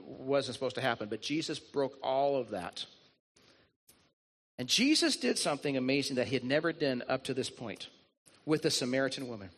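A man's voice: fairly high pitch, fairly bright tone. A man preaching a sermon as a pastor, retelling stories in an earnest way and leaning on repetition. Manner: earnest storytelling, leans on repetition.

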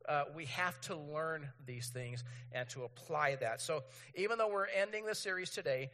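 Animated pastor in a reverberant hall. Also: male voice, a little high, normal speed. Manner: animated, mimics impatient voices. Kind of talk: sermon.

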